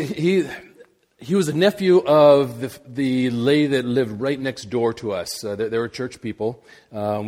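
A middle-aged man preaching, telling a personal story in a halting, animated way with many repeated words. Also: mid-range voice. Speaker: missionary preacher.

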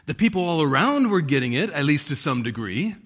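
A man's voice: fairly high pitch, very animated, a little fast, a bit bright. A male pastor preaching a sermon, reading scripture with strong emphasis and chuckling now and then.

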